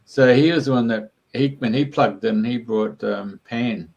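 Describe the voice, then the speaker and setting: In a mid-range, creaky, slightly mellow voice, an Australian man tells long rambling stories as an interview guest, speaking at a measured pace. His casual, chatty delivery is full of ums and uhs, and the audio is dull.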